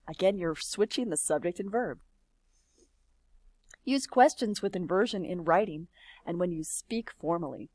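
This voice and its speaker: A woman teaching a recorded slideshow lesson, lively and sing-song when she models phrases, with quiet near-whispered asides. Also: on the low side, normal speed, dry recording. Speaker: French teacher.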